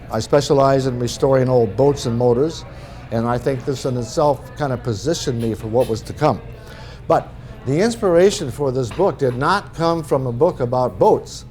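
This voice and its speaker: A man's voice: medium pitch, expressive, moderate pace, darkish tone, faint music behind. A middle-aged man from northern Minnesota giving a talk as an author, telling humorous anecdotes in a folksy way. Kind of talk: storytelling presentation.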